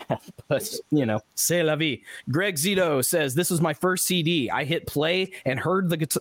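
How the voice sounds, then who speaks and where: A podcast host with a fairly high voice chats casually and reads out listener comments, laughing often and using plenty of fillers. There's no echo on the recording.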